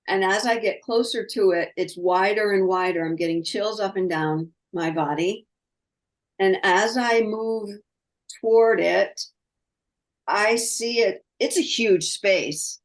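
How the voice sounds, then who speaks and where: A woman hosting a spiritual podcast, talking with a client over a video call in a slow, searching way that trails off between phrases. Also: medium pitch. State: tearful, crying. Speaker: spirit messenger, podcast host. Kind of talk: spiritual conversation, channeling.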